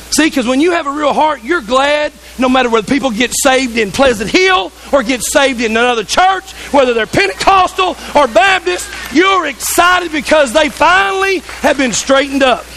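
A man's voice: very high-pitched, animated, moderate pace, sharp tone, slight background noise, rough recording. A man preaching a sermon in a church, fervent and conversational, with asides to the congregation. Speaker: pastor.

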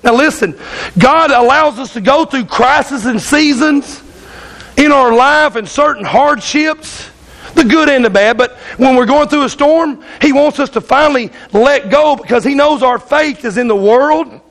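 A man's voice: extremely high pitch, unhurried, a bit bright, low-quality recording. A man preaching a sermon as pastor, talking emphatically and often asking his congregation "Amen?".

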